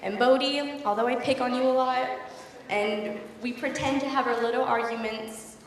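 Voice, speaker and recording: A woman's voice: on the high side, fairly even intonation, normal speed. Young woman giving an emotional wedding toast. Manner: emotional, gushing, laughing through tears. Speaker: daughter of the bride giving a toast. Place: wedding reception hall. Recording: echoey hall from far off, crowd.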